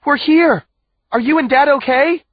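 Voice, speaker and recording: A man's voice: very high voice, normal speed, no echo, lo-fi sound, voice pushed up. A man voicing a bold, impulsive teenage girl in an audiobook, with an urgent, raised voice. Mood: shouting.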